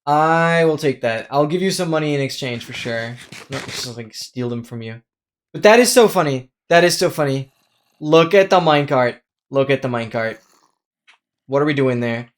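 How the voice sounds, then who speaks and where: A game streamer chatting casually during a live gameplay stream, excitable, exclaiming often and thanking viewers. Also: mid-range voice, moderate pace.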